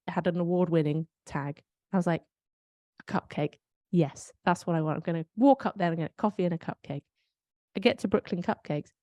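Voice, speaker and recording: With a lowish, slightly mellow voice and no room sound, a woman from the United Kingdom co-hosts a podcast. Her talk is casual and conversational, reflective stories peppered with asides where she questions herself.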